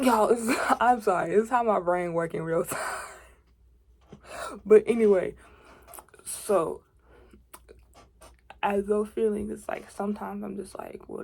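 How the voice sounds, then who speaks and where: Young woman vlogging from her room, husky gravelly voice, rambly asides, drops to a whisper sometimes. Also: medium pitch, darkish tone. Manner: rambling and chatty, with asides, self-corrections and dips into a whisper. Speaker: faith vlogger. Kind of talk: casual confiding vlog.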